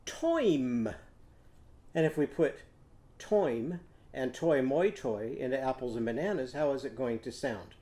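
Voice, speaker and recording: An older man, a teacher, leading a children's phonics lesson in a gentle, patient way and prompting the kids to repeat after him. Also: mid-range voice, normal speed.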